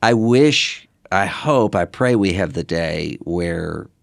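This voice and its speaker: An older man, a podcast guest, telling stories in a thoughtful, measured way. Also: deep voice, animated, vocal fry, no room sound, clean studio sound. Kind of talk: casual conversation.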